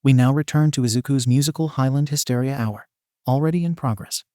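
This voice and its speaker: A man's voice: medium pitch, fairly quick, mellow, no room sound, studio quality. A man narrating a comic story in a wry, playful way.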